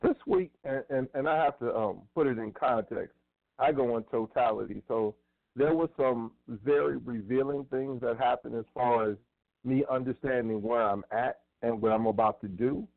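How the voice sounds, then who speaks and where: A man co-hosts a talk radio show and speaks in a measured, thoughtful way. His voice is mid-pitched and comes through a narrow, phone-like line in a dry space. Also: gravelly, no room sound. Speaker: radio co-host.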